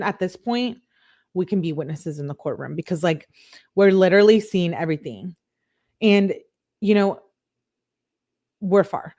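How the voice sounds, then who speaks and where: A woman's voice: fairly low pitch, a little mellow. Woman reading texts aloud, chatty. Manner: chatty asides with many fillers. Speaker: true crime channel host. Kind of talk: casual reading of text messages aloud.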